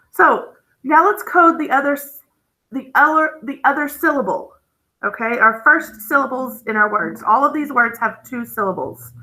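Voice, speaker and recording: Slow, bright-voiced woman teaching phonics. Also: fairly high pitch, low-quality recording. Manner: slow, patient, checks in with "okay?". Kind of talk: phonics lesson.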